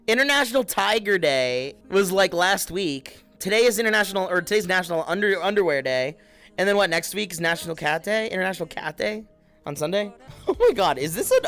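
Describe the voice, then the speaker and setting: A man's voice: sits high, lively intonation, moderate pace, a bit bright, clean tone, faint music behind. A young man in casual livestream chat, giggling often and talking straight to his viewers. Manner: giggly, chatty, addresses viewers.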